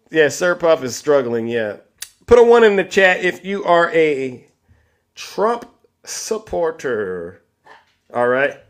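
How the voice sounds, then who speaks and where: A man with a slightly higher voice hosts a live stream. He argues with callers and keeps turning back to his chat audience in a combative way. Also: fairly bright tone, clean tone. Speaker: livestream host.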